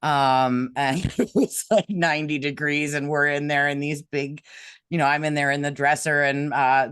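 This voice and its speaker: A woman's voice: deep voice, fairly bright tone, clear, resonant tone, no room sound, clean studio sound. A woman with a New York accent, an actress and guest chatting in an interview, laughing often and joking about herself. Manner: laughs often, self-deprecating humor. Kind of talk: casual interview chat.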